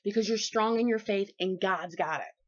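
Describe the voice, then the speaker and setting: A woman vlogging about her faith in a folksy, preachy way, with a mid-range voice. She swings between high excited bursts and low, soft asides. The recording is dull and lo-fi. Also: normal speed. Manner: lively, folksy and preachy, with big swings in pitch and loudness. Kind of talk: casual faith vlog, sermon-like.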